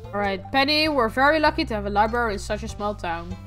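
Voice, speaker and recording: A woman's voice: fairly high pitch, expressive, fast talker, a bit bright, faint music behind. Chatty woman streaming a farming game. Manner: chatty, self-correcting running commentary. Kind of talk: casual gameplay chat.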